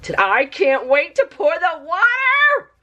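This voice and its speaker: Lady doing a tie dye vlog, unhurried, chatty and bubbly, talks to you like a friend. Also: lo-fi sound. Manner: bubbly and excitable, squeals with high delight. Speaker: craft video host. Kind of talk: casual product review vlog.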